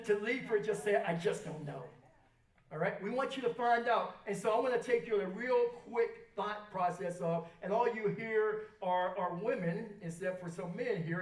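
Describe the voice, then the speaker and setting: A woman's voice: mid-range voice, a little fast, few pauses, a little mellow. A woman speaking at a rally, coaching the audience and asking them to repeat her lines. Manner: repetitive, coaching, has the crowd repeat lines. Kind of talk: motivational talk to an audience. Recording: echoey hall, voice far from the mic.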